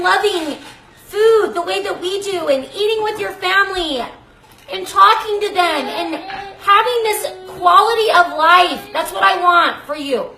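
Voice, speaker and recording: A woman's voice: very high-pitched, lively intonation, measured pace, pushed and bright. A woman hosting a live cooking demonstration from her home kitchen, chatty and effusive, often breaking off mid-sentence. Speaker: cooking show host. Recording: echoey kitchen. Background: baby crying.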